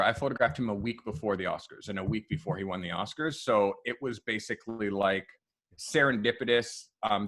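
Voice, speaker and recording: A photographer guest with a fairly low voice tells long stories in a relaxed podcast interview. He's a loose, animated storyteller who acts out the people he quotes, with frequent fillers like "um" and "like".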